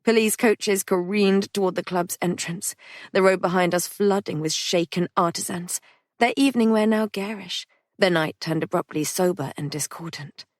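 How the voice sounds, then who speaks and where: A woman narrating an audiobook in a steady, measured first-person voice. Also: lowish voice, no room sound, clean studio sound. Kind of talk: scripted narration.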